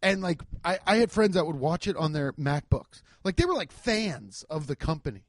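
High-voiced profane man ranting. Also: normal speed. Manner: profane, excitable, acts out quoted voices. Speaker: stand-up comedian. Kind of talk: casual comedic rant. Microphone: handheld microphone.

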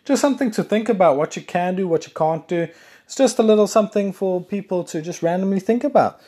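A high-pitched South African man speaks quickly as he hosts a casual solo podcast. He's rambling and chatty, corrects himself along the way, and breaks into excitable bursts.

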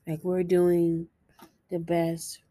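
Woman vlogger, earnest and halting, speaks slowly in a low, mellow voice. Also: completely flat delivery, no echo. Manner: earnest, self-encouraging, halting. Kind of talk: personal confessional vlog.

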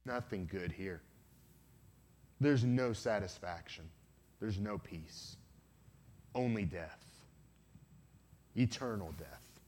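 A man voicing a huge, terrifying male beast guarding hell, speaking slowly and mockingly in a low voice. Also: darkish tone.

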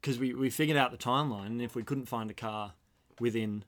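A man's voice: mid-range voice, fairly quick, a bit bright. A young man talking as a podcast guest in casual chat, telling a story with dry jokes. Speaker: podcast guest, host's roommate. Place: storehouse.

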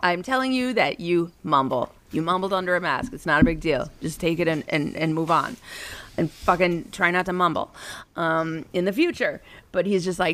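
A woman's voice: on the low side, fairly quick, fairly bright tone. A woman in her thirties casually telling a personal story, rambling and profane, with an exasperated tone.

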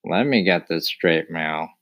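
A man voicing an impatient male cat in an audiobook, dry and deadpan. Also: low voice, unhurried. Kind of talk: audiobook character voice.

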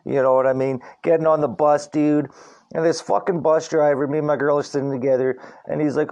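A man's voice: a little high, fairly even intonation, brisk, darkish tone, highs cut off. A middle-aged man hosting a podcast alone, ranting in a rambling, profane, slangy way, full of "dude" and "like". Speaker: podcast host. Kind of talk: casual solo podcast rant.

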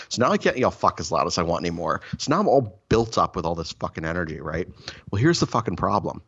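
A man with a very deep voice tells rambling, self-mocking stories full of swearing. The talk is loose and casual. The recording sounds slightly dull and muffled. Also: sing-song, fairly quick, gravelly, a bit bright, slightly rough. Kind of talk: casual storytelling chat.

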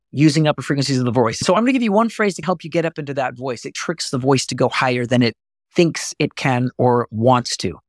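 A middle-aged man hosting a podcast voice lesson, animated and often jumping high to demonstrate. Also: no echo, clean studio sound. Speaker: voice coach and podcast host.

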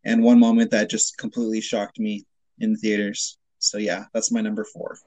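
A man's voice: on the low side, moderate pace, no room sound, rough recording. A man co-hosting a podcast, retelling a film twist in casual chat and acting out the quotes. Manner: animated storytelling, acts out quotes. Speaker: podcast co-host.

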